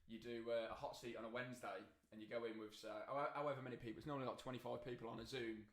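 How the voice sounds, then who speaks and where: A man on a podcast as the guest, talking quickly in an eager, agreeable way. He drops in lots of quick yeahs. His voice carries a roomy echo. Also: medium pitch, flat delivery, a bit bright. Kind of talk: casual chat.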